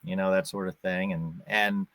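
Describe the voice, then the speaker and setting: A man in his fifties from the Boston area, with a faint Boston accent, tells stories in a relaxed interview chat. He acts out the voices of people he quotes. The sound is dry and close to the mic. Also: sits low, normal speed, vocal fry, no echo. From Boston area, USA. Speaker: actor and guest.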